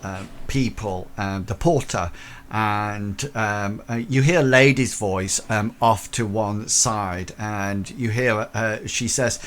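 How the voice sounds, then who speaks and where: Male game master, rambling and halting, faint background hum. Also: fairly low pitch, fairly bright tone. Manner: rambling, many fillers and restarts. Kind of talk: narrating a tabletop horror game.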